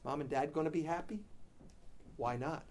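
At a normal speed, a middle-aged man tells a story in his sermon, breaking into loud animation at times and dropping to soft, understated emphasis for the key points.

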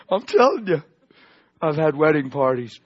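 A man preaching a personal testimony sermon, emotional, swinging between loud outbursts and hushed tones. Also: on the high side, very animated, slow pace, breathy edge, dry recording, lo-fi sound.

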